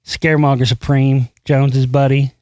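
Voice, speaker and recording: A man's voice: mid-range voice, level tone, moderate pace, a little mellow, dry recording. A man hosting a solo commentary show, reading a news article aloud and breaking into profane, frustrated rants full of restarts. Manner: reads news text aloud, then comments. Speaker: host.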